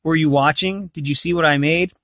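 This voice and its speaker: A proud young magician, earnest and prickly with jealousy, as a man reading a storybook puts him on. He speaks close to the reader's own fairly high voice, and the sound is dry and close. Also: steady tone, a little fast, fairly bright tone, no echo, natural voice.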